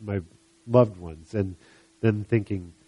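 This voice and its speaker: A man preaching a sermon, retelling a Bible story in an animated way and acting out the voices of the people in it. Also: on the low side, takes it slowly, slightly rough. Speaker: pastor.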